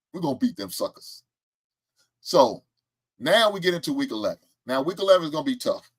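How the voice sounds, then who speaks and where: A man's voice: mid-range voice, sing-song, fairly quick, pauses often, slightly rough. A man hosting a casual live-stream sports talk show, boasting about his predictions and firing back at the chat with laughs and trash talk. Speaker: show host.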